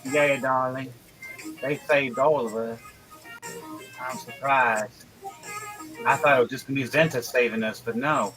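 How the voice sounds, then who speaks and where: A man voicing a regal, haughty female spider queen who speaks slowly and softly. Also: medium pitch, fairly even intonation, natural voice, poor audio. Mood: fond. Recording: faint music behind.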